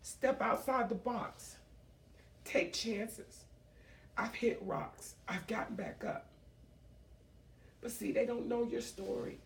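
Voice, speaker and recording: A woman's voice: fairly high pitch, slow pace, vocal fry, pauses often. An emotional middle-aged woman delivers an emphatic public speech, hammering points home by repeating them. Her voice is caught from a distance. The room around her rings with echo. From United States. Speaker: small business owner. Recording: roomy echo, speaker far from the mic.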